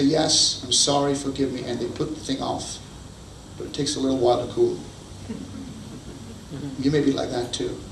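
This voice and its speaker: A man's voice: mid-range voice, gravelly. A man preaching a sermon, telling stories and acting out the quoted lines. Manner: storytelling, acts out quotes. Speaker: pastor. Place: church hall. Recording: echoey hall, distant mic, faint noise.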